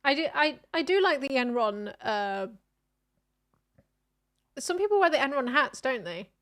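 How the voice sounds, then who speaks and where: A woman's voice: high-pitched, big pitch swings, unhurried, fairly bright tone. A woman, chatting casually and offhandedly as a streamer reacting to videos. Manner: musing, offhand. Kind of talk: casual chat.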